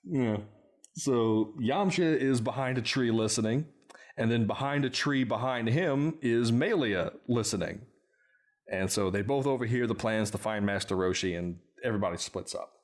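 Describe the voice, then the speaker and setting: A man's voice: mid-range voice, moderate pace. A man hosting a casual podcast, giving a wry play-by-play recap of a film and often laughing at his own jokes. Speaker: podcast host.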